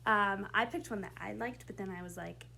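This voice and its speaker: Brisk and gravelly with a sharp tone, this medium-pitched woman directs a school play, handing her actors blocking notes. Her delivery is chatty and relaxed, peppered with fillers.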